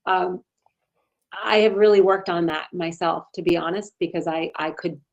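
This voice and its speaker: A woman's voice: fairly low pitch, flat delivery, moderate pace, vocal fry, lo-fi sound. A woman speaking as a podcast guest, encouraging and reflective in casual conversation.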